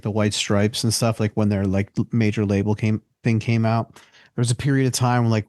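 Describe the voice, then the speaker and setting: A man's voice: mid-range voice, darkish tone, dry recording, studio quality. A man co-hosting a podcast, talking loosely and chattily in casual conversation. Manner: loose and chatty, heavy with fillers like "you know". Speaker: podcast co-host.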